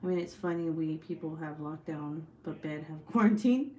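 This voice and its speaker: A woman in her thirties hosting a casual livestream from home while crafting. She tells stories in an animated way, swears freely and laughs often. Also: low voice, moderate pace. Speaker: livestream host.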